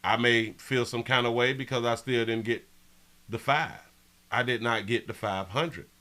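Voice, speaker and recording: A man hosting a live stream, reading viewer comments in a brash, profane way that swings from mumbling to yelling. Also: mid-range voice, steady tone, moderate pace. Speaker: live show host.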